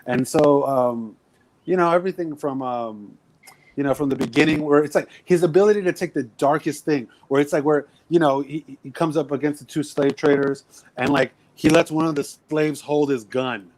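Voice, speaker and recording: A man's voice: fairly high pitch, normal speed, a little mellow. A man co-hosting a podcast in casual chat, talking animatedly with lots of swearing and acting out movie lines. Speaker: podcast co-host.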